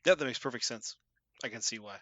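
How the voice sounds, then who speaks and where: A man co-hosting a podcast, playful and quick with jokes. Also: mid-range voice, a bit bright, no echo. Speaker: podcast co-host. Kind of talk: casual chat.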